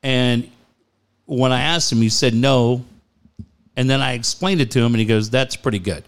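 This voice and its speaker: A man's voice: medium pitch, normal speed, clean tone. A middle-aged man co-hosting a podcast in casual, profane banter, joking and acting out quoted lines. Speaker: podcast co-host.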